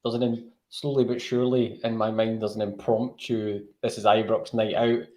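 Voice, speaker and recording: A man's voice: lowish voice, flat delivery, moderate pace, a little mellow. A man on a football podcast, talking emphatically and tagging points with "right?". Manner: emphatic, repeats "right?" to press his point. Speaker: podcast guest. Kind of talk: casual football podcast chat. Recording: echoey room with faint noise.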